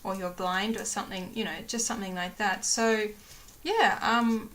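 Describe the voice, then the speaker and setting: Young woman vlogger, bright voice, rambling chatty delivery with plenty of fillers. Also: medium pitch, steady tone, normal speed, slight background noise. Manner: rambling, lots of fillers and restarts, laughs often. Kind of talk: casual chat to camera.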